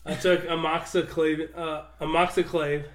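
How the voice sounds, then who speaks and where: A man's voice: on the high side, flat delivery, measured pace, a crowd in the background. A young man, sick, telling a rambling, profane story in casual podcast chat. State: sick, congested. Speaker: podcast co-host.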